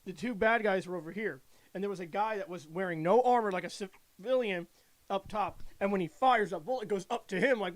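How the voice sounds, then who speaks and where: A man's voice: high voice, a little fast, no room sound. A man co-hosting a podcast, chatting casually and giving blunt, profane opinions. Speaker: podcast co-host. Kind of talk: casual chat.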